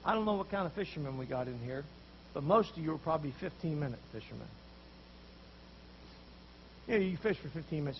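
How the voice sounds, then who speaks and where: A man preaching a sermon, telling a story with animated voices for the people in it. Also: on the high side, fairly quick, pauses often, muffled recording, a little hiss or hum. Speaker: pastor.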